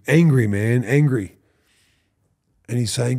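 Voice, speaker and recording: This Australian ex-footballer in his fifties speaks in a mid-range voice at normal speed, with vocal fry and frequent pauses. As a podcast guest who played rugby league, he spins casual yarns, performing the voices of those he quotes while cursing and laughing.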